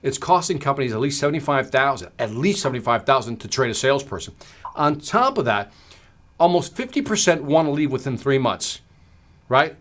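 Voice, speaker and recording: A man hosting a livestreamed sales lesson from his studio, asking the audience quick rhetorical questions as he goes. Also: on the high side, a bit bright. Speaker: sales trainer and livestream host. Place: home studio.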